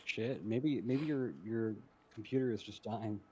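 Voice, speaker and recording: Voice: mid-range voice, measured pace, noisy background. A co-streamer on a call, reacting casually with short comments and frequent laughter. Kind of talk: casual live-stream chat.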